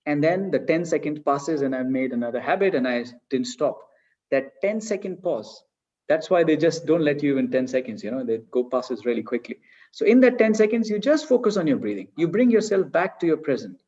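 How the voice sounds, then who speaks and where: A man's voice: a little high, big pitch swings, brisk, a little mellow, highs cut off. A man giving an earnest online coaching talk, acting out everyday excuses in little quoted voices. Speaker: leadership coach.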